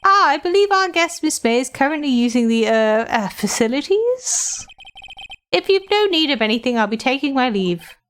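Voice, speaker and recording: A woman's voice: high voice, big pitch swings, moderate pace, fairly bright tone, voice pushed up. A woman voicing a fussy, overly polite male hotel bellboy who speaks in stiff, formal phrases. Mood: prim.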